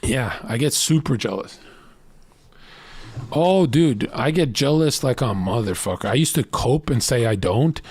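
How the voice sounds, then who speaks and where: A man streamer ranting casual dating advice, blunt and profane, telling stories with animated voices. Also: medium pitch, unhurried, slightly rough, dry recording.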